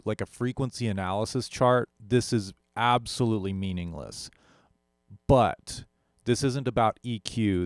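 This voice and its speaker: A man's voice: on the low side, a little mellow, clear, resonant tone, no room sound, studio quality. A young man, a musician, casually talking through an audio gear comparison, rambling and correcting himself as he goes. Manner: rambling, self-correcting, with frequent fillers. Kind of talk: casual tech demo talk.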